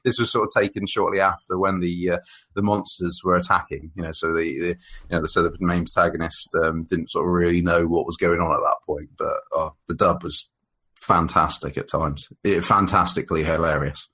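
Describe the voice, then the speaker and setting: A man's voice: low voice, fairly even intonation, fairly quick, sharp tone, slightly rough. A man co-hosting a podcast, chatting casually about an old monster film in a rambling way, with lots of fillers and restarts. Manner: rambling, full of fillers and restarts, laughs often. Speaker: podcast co-host. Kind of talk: casual film review chat.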